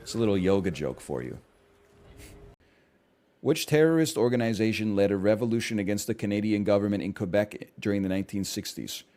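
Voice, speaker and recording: A man's voice: fairly low pitch, lively intonation, fairly quick, a little mellow. A young man streaming games, chatting casually in a sarcastic, profane, ranting way. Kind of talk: casual gaming stream chat.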